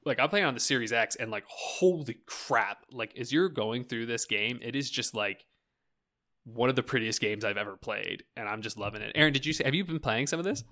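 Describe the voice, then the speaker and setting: Bright-voiced man chatting casually. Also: mid-range voice, fairly quick. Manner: rambling, fills with "like", swears freely, laughs often. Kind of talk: casual chat.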